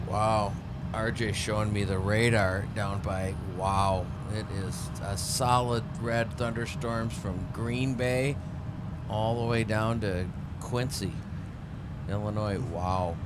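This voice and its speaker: A man's voice: fairly low pitch, steady tone, slow pace, very noisy. A man co-hosting a casual live stream, teasing his co-host and exclaiming often.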